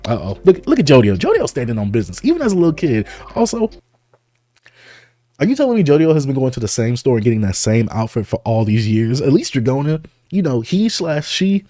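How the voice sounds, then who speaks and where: A man reading manga aloud and reacting live, in excitable, casual, slang-heavy commentary. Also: medium pitch, brisk, soft background music.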